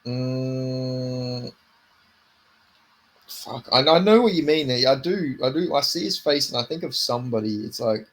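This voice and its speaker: A man's voice: mid-range voice, animated, unhurried. Laid-back sweary British man. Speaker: podcast co-host. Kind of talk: casual chat.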